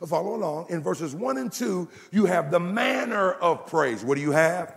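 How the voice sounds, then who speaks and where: A man preaching a sermon as pastor, emphatic and building to shouts, in a church. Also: high-pitched, lively intonation, moderate pace, gravelly. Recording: long hall reverb.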